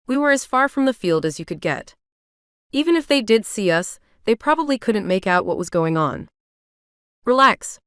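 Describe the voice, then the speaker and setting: Smooth, dry-voiced woman narrating a romance. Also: mid-range voice, big pitch swings, moderate pace, dry recording. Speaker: audiobook narrator. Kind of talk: first-person romance audiobook narration.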